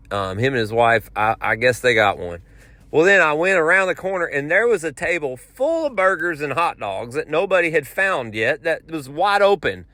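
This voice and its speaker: Man, casual storytelling, rambling, animated, slightly high voice, bright tone. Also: dry recording. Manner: rambling, animated, self-mocking. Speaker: podcast host.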